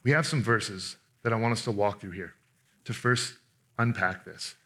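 A man preaching a sermon in an animated, conversational way, restarting often and acting out the people he quotes. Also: lowish voice, normal speed. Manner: acts out quoted speakers in voices. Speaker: pastor.

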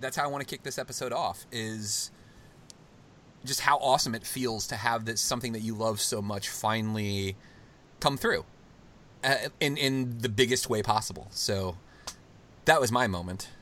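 A man hosting a casual podcast, talking at length and with strong feeling, swinging from excited outbursts to hushed, tender stretches. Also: mid-range voice, moderate pace. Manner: long-winded, emotional, swings from excited to hushed. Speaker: podcast host.

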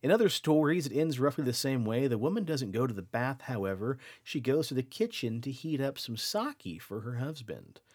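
A man hosting a podcast who tells spooky folklore with a lively, swinging voice. He keeps it playful and teases his co-host, in an average register. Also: medium pitch, normal speed, hardly any pauses, husky. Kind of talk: casual folklore storytelling.

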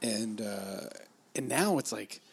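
A man's voice: lowish voice, expressive, slow pace, gravelly, breathy edge. A man from Los Angeles in casual chat on a podcast, rambling, laughing often and swearing casually.

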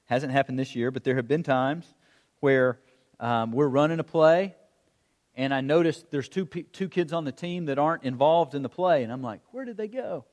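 A middle-aged man preaching a sermon, telling stories in an animated way and acting out the calls of a coach. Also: medium pitch, moderate pace. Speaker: pastor. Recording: long hall reverb.

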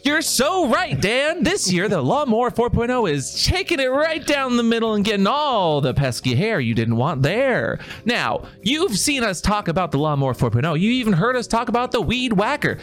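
A man's voice: high-pitched, big pitch swings, moderate pace, few pauses, a bit bright, faint music behind, pitched above the performer's own voice. A man playing a peppy, young, hip male co-announcer, with bubbly sing-song delivery in a mock sports ad read.

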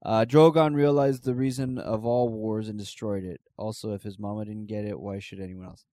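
A man in casual chat, relaxed and hesitant, with many fillers and restarts. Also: fairly low pitch, fairly quick, dry recording.

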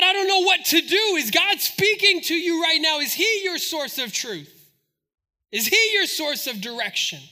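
Animated high-voiced male pastor preaching. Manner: animated storytelling, acts out quoted voices. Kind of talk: sermon.

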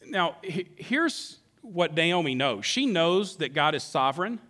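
A man preaching a sermon who acts out the characters' words in an animated way. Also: fairly high pitch, a little slow. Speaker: pastor.

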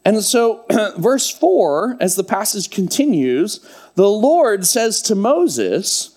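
A man preaching a sermon, reading scripture and retelling it in a lively, casual storytelling way with humorous asides. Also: high-pitched, slow. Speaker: pastor.

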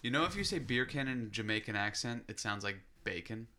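A man's voice: on the low side, animated, quick pace, bright, forceful tone, slight background noise. A man co-hosting a casual podcast, cracking jokes. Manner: joking, wisecracking. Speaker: podcast co-host. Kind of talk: casual chat.

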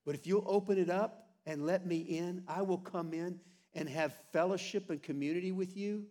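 A pastor preaching a sermon to his church with earnest, animated delivery and playful asides. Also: sits high, normal speed. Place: church sanctuary.

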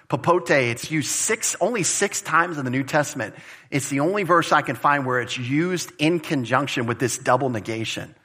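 A man's voice: fairly high pitch, breathy edge. A man preaching an expository sermon in an emphatic, conversational way. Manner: animated, emphatic, conversational preaching with Greek word study. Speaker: pastor.

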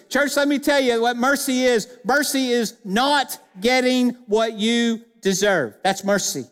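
In a church sanctuary with a big-room sound, a pastor preaches a sermon emphatically, putting questions straight to the congregation. His very high voice is clean in tone and a bit bright.

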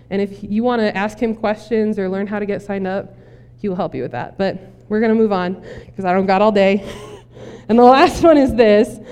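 A woman's voice: mid-range voice, a little mellow, clear, resonant tone. A woman pastor preaching a sermon in a casual, joking, direct way. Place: church sanctuary. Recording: long reverb in church.

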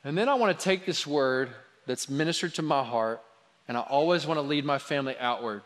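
A man preaching a sermon, telling stories about his children in a lively, animated way. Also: a little high, fairly quick. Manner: animated storytelling, quoting his kids. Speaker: pastor. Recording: long hall reverb.

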